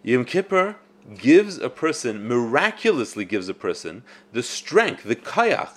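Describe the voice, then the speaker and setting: Guy teaching a torah class, really animated voice, mid pitch, stumbles and repeats himself. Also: measured pace. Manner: animated, repeats words while thinking.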